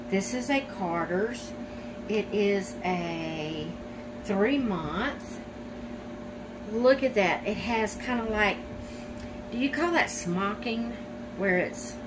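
A woman's voice: medium pitch, background noise. Gushing, gasping woman unboxing mail. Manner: gushing, gasping, easily moved to tears. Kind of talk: casual unboxing chat.

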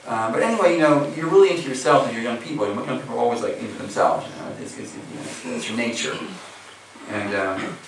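An American man, a Muslim preacher, gives a casual, chatty sermon full of filler phrases, talking fast at a medium pitch. The audio carries a little hiss or hum and was captured from far away in an echoey hall.

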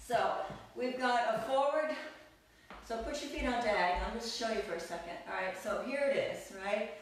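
A woman's voice: fairly high pitch, normal speed, slight background noise. A woman teaching a belly dance class, counting steps aloud in an upbeat, playful way and laughing often. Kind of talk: live online dance class instruction. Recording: echoey room, mic far off.

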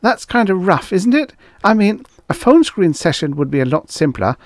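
A man voicing a timid, fussy assistant who speaks in a high, nervous way. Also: sing-song, brisk, a little mellow, dry recording, studio quality.

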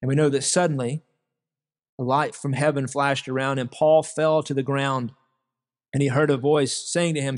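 A man's voice: medium pitch, steady tone, moderate pace, big-room sound. A man preaching an earnest sermon to his congregation, calling them brothers and sisters. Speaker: pastor. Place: church sanctuary.

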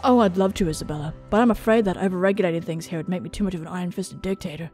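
A woman's voice: fairly low pitch, very fast, a little mellow, faint music behind, voice pushed down, lightly acted. Woman doing a pompous young dorm guy. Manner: smooth, formal and dry. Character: polite, self-important young male dorm leader.

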